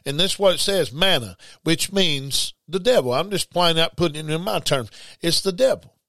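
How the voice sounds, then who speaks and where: A man's voice: a little high, animated, moderate pace, a bit bright, dry recording. A man preaching a sermon, emphatic and repetitive, reading scripture aloud. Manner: emphatic, repeats words, reads scripture aloud.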